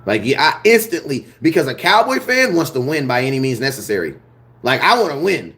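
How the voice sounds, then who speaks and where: A man hosting a sports fan channel, ranting his opinions in a blunt, slangy, animated way. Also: medium pitch, a little fast. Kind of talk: fired-up sports opinion rant.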